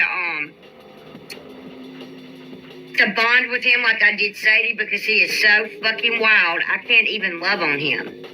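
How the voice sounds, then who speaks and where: A woman's voice: medium pitch, bright, forceful tone, rough recording. A woman chatting casually on a livestream, answering viewers' comments and venting with a profane, exasperated drawl. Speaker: YouTube live streamer. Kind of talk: casual live-stream chat reading viewer comments.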